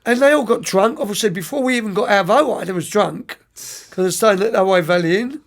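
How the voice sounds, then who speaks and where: A middle-aged man, a youth soccer coach, telling lively, rambling stories as a podcast guest, often restarting and repeating words. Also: high-pitched, fast, vocal fry. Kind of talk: anecdotal storytelling in an interview.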